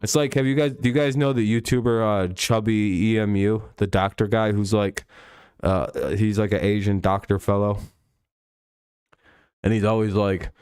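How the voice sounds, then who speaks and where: Clean studio sound with no room echo carries this man's lowish, clear, resonant voice, darkish in tone and fairly even. At a moderate pace, the sports streamer chats casually about the NFL, joking, rambling, and cursing a lot.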